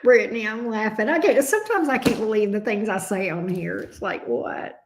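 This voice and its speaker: A woman's voice: medium pitch, animated, normal speed. A woman hosting a casual livestream chat, answering viewers by name. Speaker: tarot reader hosting a livestream.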